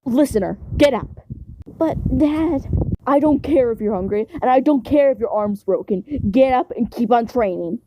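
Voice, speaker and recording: A woman's voice: fairly high pitch, lively intonation, moderate pace, background noise, lightly acted. A woman voicing a cruel, abusive father who barks harsh commands.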